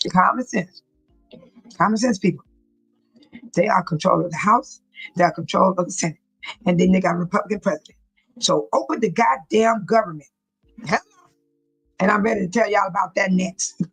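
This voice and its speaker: A woman's voice: mid-range voice, moderate pace, long pauses, a bit bright, husky, faint music behind, rough recording. A woman hosting a casual livestream, talking emphatically and preachily, repeating herself and laughing often as she reads viewer chat.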